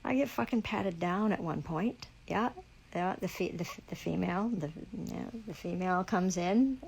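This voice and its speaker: A woman vents furiously on a live stream, swearing constantly as she rambles on. Her voice sits low and has a rough, gravelly edge. There is a husky breathiness to it as well. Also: normal speed, darkish tone, poor audio. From Canada. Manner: heavily profane, indignant, rambling. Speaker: livestreamer. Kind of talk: angry live-stream rant.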